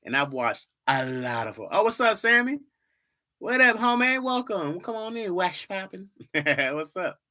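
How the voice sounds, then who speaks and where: A livestream host with a high, very animated voice that sounds pushed and bright takes his time as he chats with viewers. He teases them in fun, repeats words for laughs, and uses "y'all" a lot.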